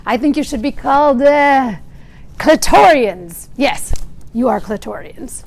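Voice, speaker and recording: A smug Frenchman with a thick French accent drawls in slow, halting phrases, as a woman puts him on in a somewhat high voice. He is flirtatious and condescending, with faux admiration. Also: lively intonation, gravelly, darkish tone, heavily acted. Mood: faux awe.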